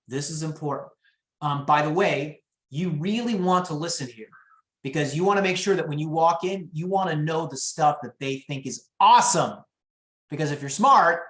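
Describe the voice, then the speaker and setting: A real estate coach teaches a live online class in a chatty, direct way, often playing out client conversations. The voice sits in a middle pitch range. The sound comes over a video call with noticeable room echo. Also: fairly bright tone. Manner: chatty, coaching, addresses the audience directly, acts out client dialogue. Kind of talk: live online training session. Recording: roomy echo.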